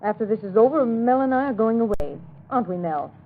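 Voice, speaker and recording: A woman's voice: fairly high pitch, expressive, fast. A nervous gangster's girlfriend. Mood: anxious. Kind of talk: 1930s radio drama acting. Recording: narrow lo-fi old radio recording with faint hiss.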